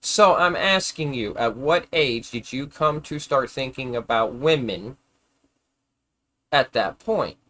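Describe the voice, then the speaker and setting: A man holds forth on a live stream in a loose, rambling rant. He swears freely and argues his point. He trips over his words and restarts them often, and his voice sits at an ordinary middle pitch. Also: lively intonation, takes it slowly, fairly bright tone. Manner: rambling, profane, argumentative, with frequent stammered restarts. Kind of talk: casual ranting monologue.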